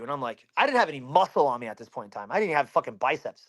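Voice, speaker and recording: A man's voice: a little high, big pitch swings, racing. A man in his thirties from Pennsylvania, a fighter telling a story in an interview, blunt and heavy with swearing.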